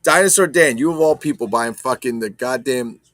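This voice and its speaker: A man's voice: mid-range voice, normal speed, fairly bright tone, dry recording. A man casually chatting about his toy collection, rambling and swearing as he talks to viewers. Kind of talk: casual unboxing chat.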